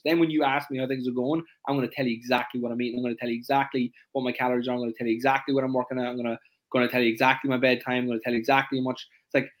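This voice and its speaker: A man who works as a fitness coach, hosting a casual podcast chat, talking quickly and acting out his clients in quoted voices. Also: mid-range voice. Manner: fast, animated, acts out clients in quoted voices; leans on "it's like" a lot.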